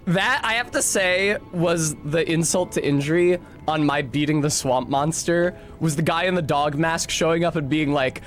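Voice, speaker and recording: A young man doing let's-play commentary with a rambling, sarcastic delivery. His voice sits a little high for a man, with faint music behind. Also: normal speed, hardly any pauses. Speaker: streamer.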